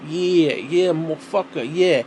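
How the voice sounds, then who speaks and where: A man's voice: on the high side, steady tone, normal speed, a little mellow, slight background noise, natural voice. A man putting on the voice of a brash female cashier with a thick New York accent.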